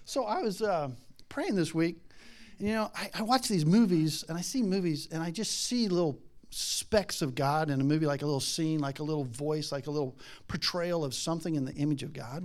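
A man's voice: fairly high pitch, gravelly. A middle-aged man preaching a casual sermon, chatty and rambling, laughing often and acting out voices in his stories. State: has a daughter.

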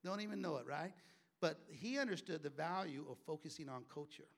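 A man's voice: on the high side, lively intonation, fairly quick, vocal fry, fairly bright tone. A middle-aged man preaching a sermon in a conversational way and acting out the voices of people he quotes. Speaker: pastor.

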